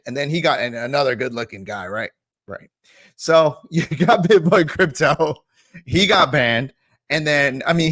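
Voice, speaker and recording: A male crypto vlogger rants to camera, blunt and foul-mouthed, with a mocking edge. His voice is mid-pitched and very dry, close to the mic with no room sound. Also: dry recording. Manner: blunt, profane, mocking, animated rant. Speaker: crypto video host. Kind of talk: casual ranting commentary to camera.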